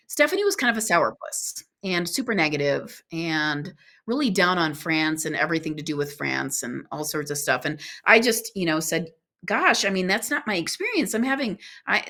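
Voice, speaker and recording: Woman, podcast guest, earnest storyteller, slightly low voice, animated quoted dialogue.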